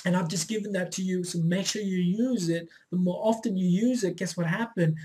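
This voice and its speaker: A man's voice: sits high, fairly even intonation, fairly quick, a little mellow. A man giving a casual motivational talk to camera as a self-help vlogger, often checking in with "right?" and speaking loosely. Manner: loose and unpolished, with frequent fillers and restarts.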